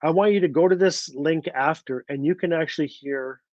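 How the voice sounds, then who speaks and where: Man, author telling a story, fairly high voice, earnest, halting restarts, dull dry recording. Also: a little mellow, no echo. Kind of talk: oral storytelling at an online book event.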